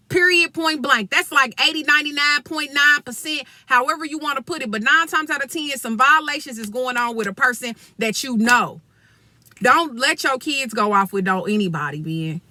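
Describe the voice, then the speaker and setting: A woman's voice: high voice, moderate pace, bright, forceful tone, dry recording. Heated, profane woman ranting. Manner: blunt, profane and heated, addresses viewers as y'all. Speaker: vlogger. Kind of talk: angry storytime rant.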